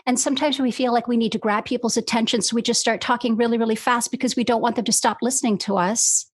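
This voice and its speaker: A woman's voice: fairly high pitch, fairly even intonation, quick pace, no room sound. Woman guest, voice coach; easygoing explainer, fillers everywhere, video-call audio, dry. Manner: explains fluidly with many fillers like "you know" and "right". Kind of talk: casual podcast conversation.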